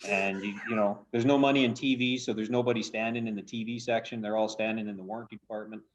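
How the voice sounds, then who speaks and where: A man's voice: lowish voice, steady tone, fast, highs cut off. A man co-hosting a casual panel chat, rambling and chuckling as he makes his points. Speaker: co-host.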